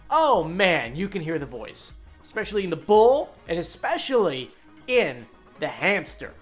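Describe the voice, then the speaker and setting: An excitable woman talks through a show recap in a casual vlog style, throwing in quick asides. Her voice swings widely and keeps a lively bounce throughout. Faint music plays behind her. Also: mid-range voice.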